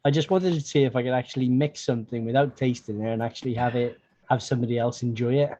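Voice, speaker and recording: A man in a casual live-stream chat, halting at first, then reading recipes out steadily. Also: mid-range voice, steady tone, warm tone. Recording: dull lo-fi call audio.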